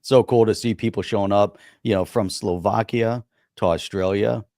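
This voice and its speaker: A man with a lowish voice co-hosts a podcast, speaking loosely and emphatically. He leans on fillers and restarts as he makes his points. His voice is recorded dry and close, with little room sound. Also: steady tone, normal speed, darkish tone, dry recording. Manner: rambling, emphatic, frequent "you know" fillers. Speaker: podcast co-host. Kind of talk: casual political chat.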